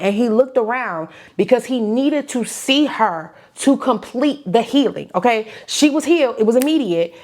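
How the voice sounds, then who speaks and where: A woman's voice: fairly high pitch, animated, measured pace, few pauses, a little mellow. A woman who works as a faith-based coach, teaching a Bible study in an emotional, fervent way, repeating lines for emphasis and calling her listeners y'all. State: tearful at times.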